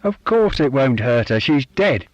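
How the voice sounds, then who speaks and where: A man's voice: medium pitch, sing-song, unhurried, dry recording, muffled recording, pitched above the performer's own voice. A man putting on a blunt Cockney father. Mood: impatient. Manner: curt, bossy. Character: blunt Cockney father, middle-aged, short-tempered.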